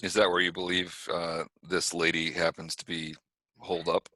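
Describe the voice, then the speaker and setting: A man narrating as game master of a tabletop game over a video call, pausing with frequent fillers. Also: sits low, completely flat delivery, pushed and bright, no echo. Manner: hesitant, filler-heavy.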